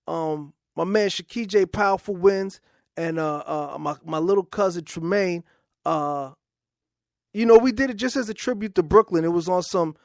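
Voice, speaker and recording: A man's voice: sits high, normal speed, a little mellow, no echo, studio quality. A man hosting his own talk show, speaking in a casual, informal way and often repeating words as he starts a thought. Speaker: podcast host. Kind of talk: casual political monologue.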